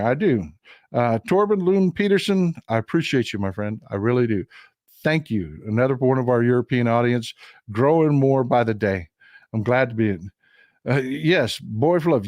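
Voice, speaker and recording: A man's voice: on the high side, a little mellow, dry recording, clean studio sound. Blunt, emphatic livestream host, man. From Texas. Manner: blunt, emphatic, repeats short phrases for emphasis; reads out viewer comments and thanks donors. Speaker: livestream political commentary host. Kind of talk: casual political commentary livestream. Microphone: streaming setup mic.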